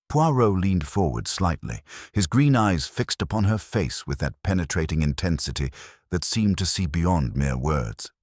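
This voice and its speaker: A man narrating a story in the first person, in a measured, formal way. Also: low voice, sing-song, a little mellow, no echo, studio quality.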